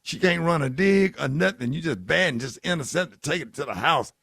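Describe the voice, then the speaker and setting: Brief: male morning-radio host, gravelly and slightly high, joking banter over music. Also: expressive, brisk, dry recording. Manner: loud, joking, fake sneezes and playful yelling. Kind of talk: casual on-air banter.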